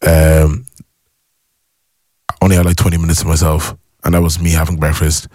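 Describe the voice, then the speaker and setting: A man's voice: extremely low pitch, moderate pace, no echo, clean studio sound. A young man, a musician guest, chatting in an interview and eagerly acting out his own reactions as he tells stories. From Ireland. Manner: excitable storyteller, acts out his own reactions. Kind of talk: casual interview chat.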